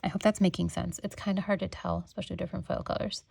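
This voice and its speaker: A woman's voice: on the low side, flat delivery, fast talker, vocal fry, a little mellow, dry recording. A young woman gushing over stickers in a chatty product haul, talking straight to her viewers. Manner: gushing, talks to viewers, filler-heavy. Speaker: planner sticker haul vlogger.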